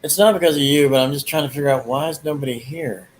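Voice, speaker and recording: A fast-talking man with a highish voice hosts a livestream, chatting casually and rambling with crude jokes and plenty of fillers. The audio quality is poor.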